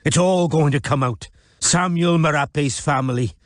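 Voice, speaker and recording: A man voicing a tense young woman who turns fierce, speaking clipped and shouting in an audiobook. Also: fairly high pitch, normal speed, dry recording, studio quality, voice pushed up, close to an everyday voice. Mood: furious. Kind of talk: audiobook character voice.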